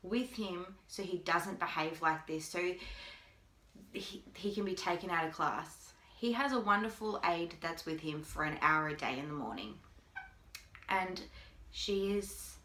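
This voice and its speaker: A mother talking to camera in a halting way, with long pauses, holding back tears. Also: on the low side, bright, forceful tone. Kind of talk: personal video appeal. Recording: echoey room.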